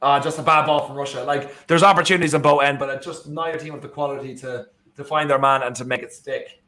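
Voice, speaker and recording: An Irish man co-hosting a live football watchalong, joking and reacting excitedly to the match. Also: medium pitch, fast talker. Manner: excitable, jokey, bursts into shouting and laughter. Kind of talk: casual live match chat.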